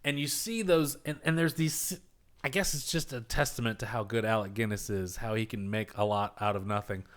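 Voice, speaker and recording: A man's voice: lowish voice, a little fast. A man in casual podcast chat, rambling and cursing freely as he retells film scenes. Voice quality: profane, rambling, animated retelling. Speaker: podcast host.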